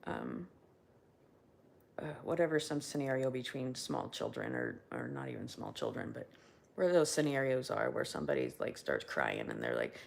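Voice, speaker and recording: A woman talking through her feelings in a casual solo check-in, candid and rambling, swearing freely and sometimes dropping to a hushed voice. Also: rumbling low, wildly swooping pitch, normal speed, gravelly, slight background noise. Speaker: video diarist.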